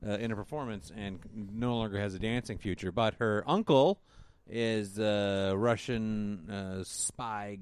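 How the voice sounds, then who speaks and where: A man's voice: lowish voice, a little slow, clear, resonant tone, no room sound. A man co-hosting a casual chat, rambling wryly through a movie plot with lots of fillers and mock quotes. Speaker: podcast co-host reviewing a movie.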